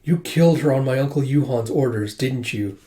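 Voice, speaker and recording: A resolute young princess, read by a man in a plain, mellow voice. She speaks calmly and earnestly, a storybook heroine. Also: medium pitch, moderate pace, close to an everyday voice.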